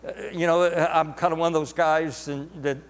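A man's voice: a little high, flat delivery. Emphatic male preacher in a reverberant church. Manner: emphatic, drawn-out preaching with repetition. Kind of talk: sermon. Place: church sanctuary.

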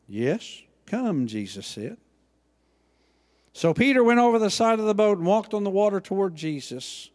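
A man preaching a sermon, acting out Bible dialogue with lively emphasis. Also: high voice, moderate pace, long reverb tail. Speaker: pastor.

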